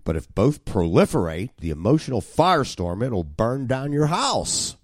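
A man's voice: mid-range voice, sing-song, normal speed, no room sound, studio quality. A man preaching an expository sermon, emphatic and wry, with sudden jumps in emphasis.

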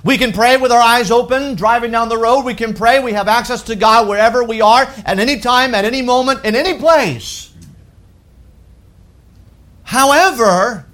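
Male pastor, high-pitched, emphatic sermon delivery with loud peaks and soft falls. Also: moderate pace. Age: adult with wife and children. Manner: emphatic preaching with wide swings from loud to hushed.

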